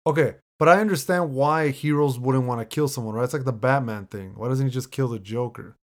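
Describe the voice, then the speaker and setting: A man in an easygoing conversation who swears freely. His pitch is middling and his delivery stays loose. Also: brisk. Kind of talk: casual chat.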